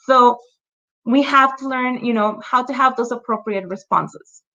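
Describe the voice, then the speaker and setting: A woman's voice: high-pitched, steady tone, a little slow, pushed and bright, muffled recording. A woman leading an online training for parents, talking conversationally, checking in often with "right?" and "you know" and laughing lightly between examples.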